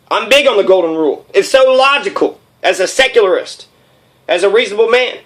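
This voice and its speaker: A man's voice: high voice, expressive, a little fast, a bit bright. Heated, profane man in his thirties. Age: 30s. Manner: profane, rambling and heated, with many fillers. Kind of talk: raw personal monologue.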